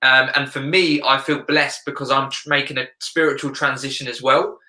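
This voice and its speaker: A man's voice: mid-range voice, steady tone, moderate pace, pushed and bright, reverberant. A man speaking as a guest life coach in a casual interview, earnest and reflective, often searching for words.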